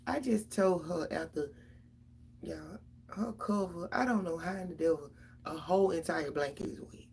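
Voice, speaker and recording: A woman's voice: sits low, fairly quick, a little mellow, slight background noise. A middle-aged mother, venting casually and profanely straight to her viewers about her kids.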